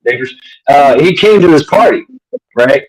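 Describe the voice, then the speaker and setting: A man's voice: on the high side, wildly swooping pitch, normal speed, darkish tone, poor audio. A middle-aged man hosting a casual livestream chat, telling crude, rambling stories full of restarts and fillers. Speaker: host.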